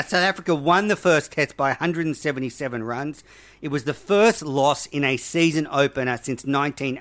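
Brief: Australian man hosting, playful needling, reads stats, slightly high pitch. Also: a bit bright. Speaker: podcast host. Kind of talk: casual chat.

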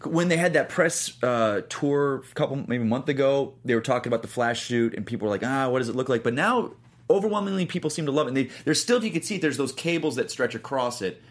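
A man's voice: medium pitch, fast talker. A man co-hosting a movie news show, chatting casually, rambling and poking fun at himself. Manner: rambling, self-deprecating, excitable. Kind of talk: casual panel chat.

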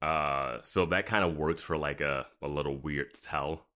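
A man's voice: extremely low pitch, fairly even intonation, unhurried, sharp tone. A man co-hosting a podcast, chatting casually about a TV episode, laughing often and quoting characters. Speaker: podcast co-host. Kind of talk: casual chat recapping a TV episode.

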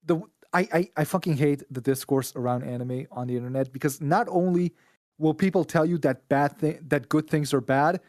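A man's voice: fairly high pitch, moderate pace, a little mellow, no room sound, studio quality. Blunt ranting man from Israel. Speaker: podcast guest. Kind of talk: casual podcast chat.

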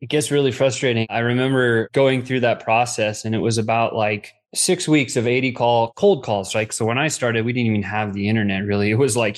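A middle-aged man, a podcast guest, telling stories in a casual, animated way and acting out the quotes. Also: mid-range voice, a little fast, few pauses. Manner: animated, acts out quotes with swearing. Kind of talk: casual storytelling.

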